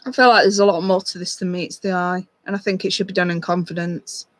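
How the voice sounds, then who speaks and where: Tarot reader, live stream, gentle reassuring tone, lots of ums and restarts, home webcam sound. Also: medium pitch, little pitch movement, fast, no echo.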